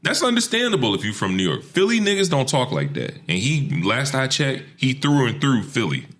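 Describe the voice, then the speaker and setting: A man's voice: mid-range voice, very animated, moderate pace, a bit bright. A young man co-hosting a casual podcast, laid-back and profane, joking around and poking fun. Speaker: podcast co-host.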